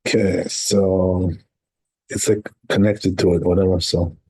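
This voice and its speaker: A man's voice: deep voice, flat delivery, a little slow, darkish tone, breathy edge. A man, a rabbi, giving a conversational class on a religious text. He reads passages aloud, then explains them in plain English and keeps checking in with the listeners. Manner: explains step by step, often checking with "right?"; reads Hebrew and Aramaic text, then translates.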